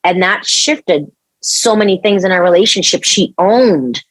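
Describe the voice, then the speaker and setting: Low-voiced woman telling a personal story. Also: unhurried, no room sound. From Mexico. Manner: earnest, animated, many restarts and "like". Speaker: podcast guest. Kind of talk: personal storytelling in a podcast interview.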